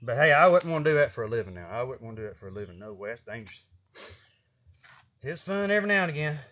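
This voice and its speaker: A man telling casual stories, swearing a lot and acting out what people said. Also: medium pitch. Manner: swearing, animated storytelling with acted-out quotes. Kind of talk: casual storytelling.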